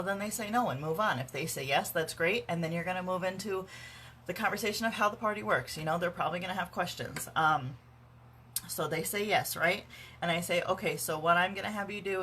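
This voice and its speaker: A woman vlogs from home into her phone, walking viewers through how she runs her sales parties. Her voice sits a bit low but sounds bright and forceful, with a dry, sarcastic edge and plenty of "um"s and "right?"s. A faint hum sits under the recording. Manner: sarcastic, dry humor, chatty with many fillers. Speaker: direct sales consultant. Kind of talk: casual instructional vlog. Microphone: phone camera.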